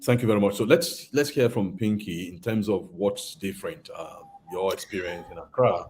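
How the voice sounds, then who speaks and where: A man's voice: low-pitched, normal speed, darkish tone, a little hiss or hum. A man moderating a webinar panel on a video call, chatting and passing questions to guests.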